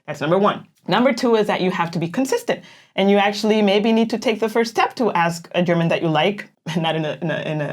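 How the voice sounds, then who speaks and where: A woman's voice: medium pitch, expressive, fast. A woman co-hosting a casual chat, talking freely with frequent laughs and fillers. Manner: chatty, laughs often, says "like" a lot. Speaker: co-host.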